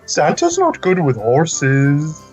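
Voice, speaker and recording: A woman putting on a jolly old Santa Claus voice, with drawn-out ho-ho-hos, on a muffled lo-fi recording. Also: huge pitch swings, darkish tone, soft background music, full character voice. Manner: drawn-out booming ho-ho-hos in a put-on voice. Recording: muffled lo-fi podcast audio.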